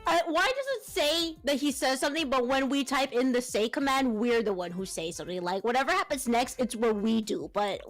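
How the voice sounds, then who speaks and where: A woman's voice: sits high, lively intonation, a little fast, hardly any pauses, soft background music. A playful woman from the Philippines chatting casually on a game stream and laughing often. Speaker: streamer and co-writer.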